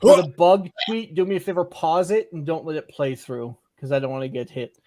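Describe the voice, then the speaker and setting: High-voiced man hosting a loose live stream. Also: steady tone, fairly quick, mellow. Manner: reads out chat messages, loose and joking. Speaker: podcast host. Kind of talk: casual live-stream chat.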